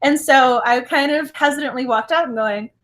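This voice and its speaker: Giggly high-voiced woman rambling on her book vlog, super excitable. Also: moderate pace, a little hiss or hum. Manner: giggly and excitable, laughs often; rambling, self-correcting storytelling. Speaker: book vlogger. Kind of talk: casual chat.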